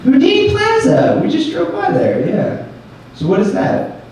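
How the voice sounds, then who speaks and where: Brash, lively male stand-up comic. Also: high voice, measured pace. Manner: brash, self-mocking, swears freely. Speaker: stand-up comedian. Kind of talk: stand-up crowd work. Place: small comedy club stage. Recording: echoey club from a distance, audience noise. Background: audience laughter.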